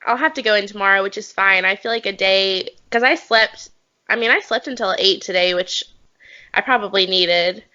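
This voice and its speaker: A woman's voice: mid-range voice, normal speed, pushed and bright. A young woman co-hosting a podcast in casual chat, a little congested from a cold, laughing easily. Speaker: podcast co-host. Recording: dull lo-fi podcast audio.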